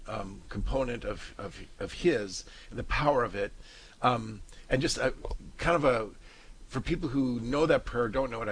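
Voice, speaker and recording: A man's voice: medium pitch, husky, low-quality recording. A male co-host of a Catholic talk show, chatty and jokey, trailing off and restarting often. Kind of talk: casual radio-style chat.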